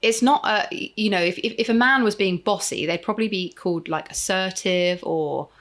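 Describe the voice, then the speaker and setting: A woman's voice: mid-range voice, moderate pace, a bit bright. A woman co-hosting a casual podcast chat, speaking hesitantly with many fillers and letting her voice trail off. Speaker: podcast co-host.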